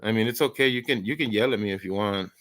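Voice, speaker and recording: A man's voice: lowish voice, fast talker, a bit bright. A man hosting an early-morning live stream, chatting casually, rambling and stammering through many restarts and laughing often.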